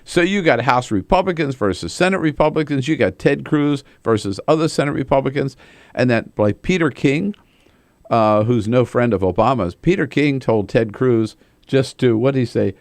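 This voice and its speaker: A man hosting a political talk radio show, giving animated commentary and sometimes mocking politicians. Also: mid-range voice, moderate pace, no echo. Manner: animated, mocks politicians with put-on voices.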